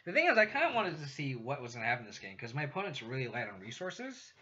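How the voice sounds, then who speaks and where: A young man with a West Coast American accent chats casually while streaming a card game, swearing a lot and laughing often in a laid-back way. His mid-range voice is husky, bright and forceful, with wildly swooping pitch and a quick pace. The stream audio sounds dull and lo-fi.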